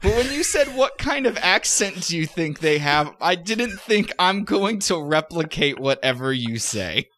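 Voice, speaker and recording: A man co-hosting a casual comedy podcast, bantering and teasing with quick incredulous questions. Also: fairly high pitch, sing-song, fairly bright tone, no echo. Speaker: podcast co-host.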